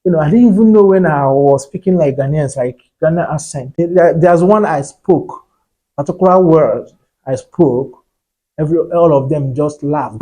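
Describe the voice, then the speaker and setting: A man with a Nigerian English accent hosting his own channel, talking in a relaxed, chatty way with many "you know" fillers. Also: a little high, normal speed, rough recording. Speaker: channel host. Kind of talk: casual vlog monologue.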